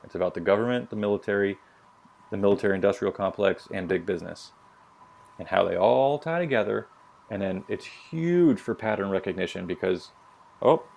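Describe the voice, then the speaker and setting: A man's voice: lowish voice, creaky, darkish tone. A man, a military veteran, telling stories on a casual podcast in a blunt, profane way and acting out what people said. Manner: profane, blunt, acts out quotes.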